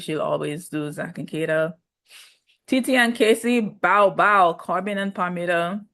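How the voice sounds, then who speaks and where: A woman's voice: fairly low pitch, a bit bright. A woman giving a chatty, gossipy recap of a reality show in casual talk, often laughing. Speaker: reality TV reviewer.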